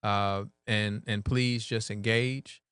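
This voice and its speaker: A man serving as mayor, talking relaxed in an interview and often checking in with "right?". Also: lowish voice, takes it slowly, clean tone, dry recording, clean studio sound. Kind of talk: conversational interview.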